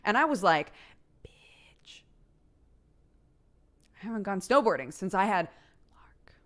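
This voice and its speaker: A woman's voice: medium pitch, very animated, quick pace, fairly bright tone. Laughing, chatty woman streamer. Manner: chatty, laughs often, reads chat aloud. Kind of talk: casual late-night chat with viewers.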